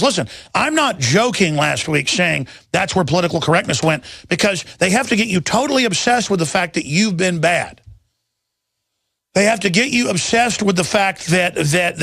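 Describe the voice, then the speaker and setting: Talk radio host, man: high gravelly voice, ranting and sarcastic, dry studio sound. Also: a bit bright, no room sound. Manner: ranting, sarcastic, frequent restarts and pitch jumps. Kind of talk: animated political monologue.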